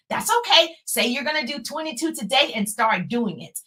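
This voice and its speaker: A woman coaching viewers live on a stream, energetic and cheering them on, often laughing. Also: sits high, a little fast, hardly any pauses. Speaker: sales coach.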